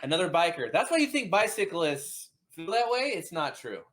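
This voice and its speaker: A man's voice: a little high, very animated, moderate pace, a bit bright. A man co-hosting a casual movie chat, joking and laughing often. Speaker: podcast co-host.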